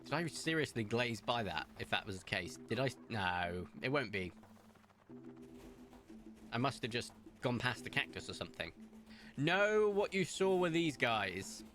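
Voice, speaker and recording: There's slight background noise as a young man of medium pitch and normal speed chats through a video game stream. He drifts from story to comment in a talkative, rambling, animated way.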